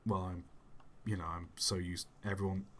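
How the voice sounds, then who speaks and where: A soft-spoken young man answering chat questions on a casual livestream, rambling and self-deprecating. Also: deep voice, flat delivery, normal speed. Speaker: YouTube channel host. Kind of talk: casual livestream Q&A while gaming.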